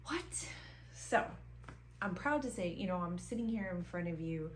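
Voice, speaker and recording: A woman's voice: on the low side, brisk, a little hiss or hum. A woman, talking casually to camera as a vlogger, emphatic and repeating herself for stress, with plenty of ums. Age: 40s. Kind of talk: casual motivational talk to camera. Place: seated indoors in front of the camera.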